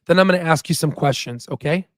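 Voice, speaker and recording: A man hosts a casual stock market livestream in a fairly high, dry-sounding voice. He talks in a heated, rambling way, restarting sentences and tagging points with "right?". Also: quick pace, a bit bright, no room sound. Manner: heated and ranting, with frequent "right?" tags; rambling with restarts and self-corrections.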